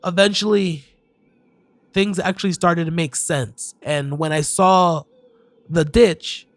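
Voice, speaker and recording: A man narrating a first-person horror story with hesitant pauses and sighs. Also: a little high, fairly even intonation, dry recording.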